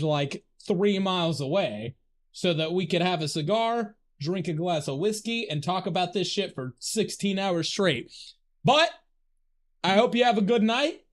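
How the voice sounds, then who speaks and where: A man live-streaming a video game, talking in a rambling, profane, excitable way and laughing often. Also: sits high, a little slow. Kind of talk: live gameplay stream chat.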